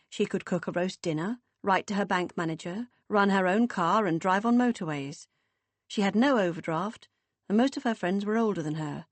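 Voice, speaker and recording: A woman narrating an audiobook in a measured, expressive reading. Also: on the low side, dry recording.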